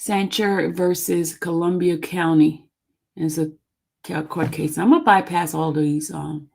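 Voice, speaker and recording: A woman's voice: fairly low pitch, steady tone, unhurried, vocal fry, a little mellow. A woman hosting a live stream, reading a court document aloud in an informal, chatty way and stumbling over legal words. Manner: chatty and informal between read passages. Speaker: channel host.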